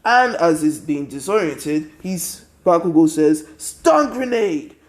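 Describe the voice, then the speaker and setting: A man's voice: on the high side, unhurried. A tired young man casually narrating a fan story, rambling with constant 'and then' and 'he's like'.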